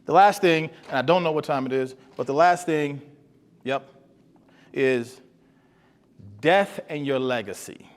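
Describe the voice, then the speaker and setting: A man's voice: fairly high pitch, measured pace, pauses often. A man giving an earnest motivational talk to boys, often repeating himself and putting questions to the audience. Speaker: speaker for boys. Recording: long hall reverb.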